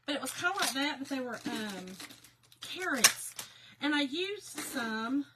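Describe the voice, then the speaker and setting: A woman's voice: sits high, lively intonation, a little slow, heavy background noise. A woman chatting casually with her viewers while she crafts on a livestream, laughing often.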